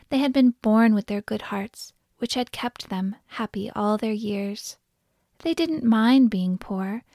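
A woman telling a folk tale aloud for children, gentle and expressive. Her voice sits at an ordinary middle pitch. The recording is close and dry, with no room sound. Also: dry recording. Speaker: storyteller. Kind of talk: scripted storybook narration.

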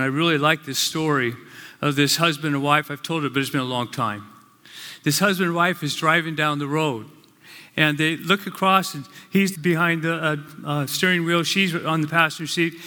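A male pastor preaching a sermon, with slow, earnest, emphatic phrases. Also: a little high, sharp tone. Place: church sanctuary. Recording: long reverb of a large hall.

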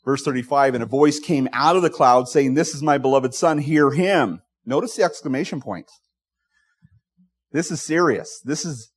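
A man's voice: medium pitch, fairly quick. A middle-aged male pastor preaching a conversational expository sermon, acting out quoted voices and asides.

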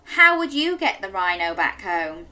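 A woman's voice: medium pitch, very animated, measured pace, pushed and bright. A woman reading an interactive story aloud to young children, coaxing them to join in with sing-song questions.

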